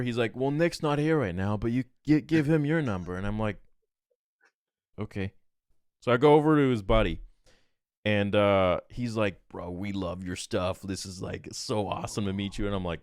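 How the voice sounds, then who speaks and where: A man's voice: lowish voice, smooth, dry recording, studio quality. A man, a podcast guest, telling a story in casual talk and acting out quoted exchanges with animation. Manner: animated, quotes himself and others in quick exchanges.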